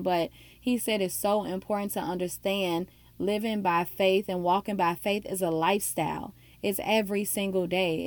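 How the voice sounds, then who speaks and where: A woman's voice: on the low side, no room sound. A woman telling a personal faith story in an earnest, heartfelt way. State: emotional, near tears.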